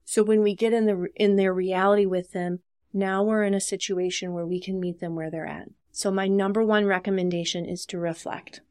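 A woman's voice: mid-range voice, fairly even intonation, normal speed, darkish tone, dry recording. Earnest woman explaining caregiving, dry close mic. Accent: Upper Midwest American. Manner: earnest and instructive, acts out short example dialogues. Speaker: dementia care business owner and social worker. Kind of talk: podcast interview, explaining caregiving tips.

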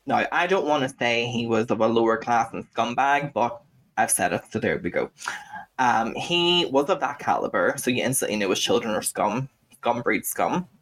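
A man with a Scouse accent, co-hosting a casual podcast and ranting freely. He talks bluntly and swears a lot, with a voice of middling pitch. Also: expressive, moderate pace, a bit bright. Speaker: podcast co-host.

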